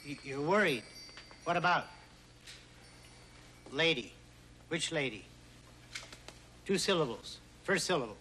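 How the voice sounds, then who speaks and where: An actor playing a quick-witted courtier who guesses aloud in an amused, conspiratorial way. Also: male voice, on the high side, lively intonation, bright, forceful tone, heavily acted. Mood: guessing. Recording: noisy old TV recording.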